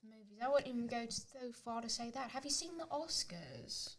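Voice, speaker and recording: A woman's voice: on the high side, expressive, moderate pace. A woman playing a prim, mock-indignant British woman with a put-on British English accent in a comedy sketch.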